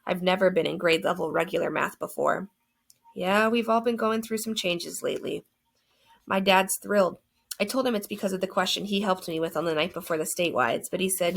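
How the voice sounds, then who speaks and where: A woman narrates an audiobook in the first person, earnest and reflective. Her voice sits low with a gravelly fry. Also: fairly bright tone.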